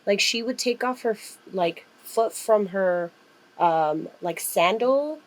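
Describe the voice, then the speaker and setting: A woman co-hosting a horror podcast in casual chat, excitable, swearing freely and using lots of fillers. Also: medium pitch, slow, rough recording. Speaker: podcast co-host.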